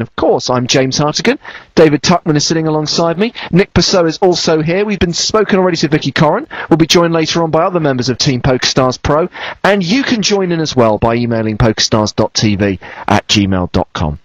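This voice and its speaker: A man commentating live on a poker final table, brisk and chatty with dry banter. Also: a little high, animated, no echo. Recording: slightly dull, lo-fi broadcast sound.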